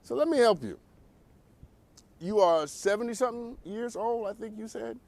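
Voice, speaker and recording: A man hosting a talk show, giving animated, preachy commentary and laughing often. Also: high-pitched, normal speed, gravelly. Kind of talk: energetic commentary.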